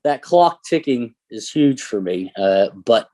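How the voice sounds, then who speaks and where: A man's voice: mid-range voice, expressive, a little slow, warm tone. A man from Massachusetts, a guest artist, answers interview questions in a reflective, hesitant way with many fillers. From New Bedford, Massachusetts.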